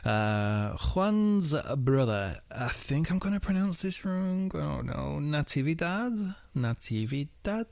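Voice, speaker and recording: Chatty man with a gravelly voice. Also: a little high, expressive, slow pace, few pauses, a little mellow, no room sound. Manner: chatty, laughing often, many fillers. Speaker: podcast host. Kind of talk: casual podcast chat and true-crime narration.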